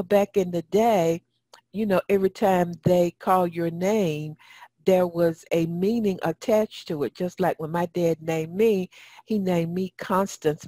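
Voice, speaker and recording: A woman's voice: lowish voice, dark tone, dry recording. A woman radio host giving a spoken teaching on prayer, talking straight to her listeners and repeating phrases for emphasis. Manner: addresses listeners directly. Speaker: radio talk show host.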